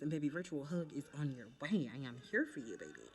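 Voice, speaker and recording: Fast-talking woman doing makeup. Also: low-pitched. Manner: chatty, animated, calls viewers baby and honey. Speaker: makeup creator. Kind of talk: casual makeup tutorial chat.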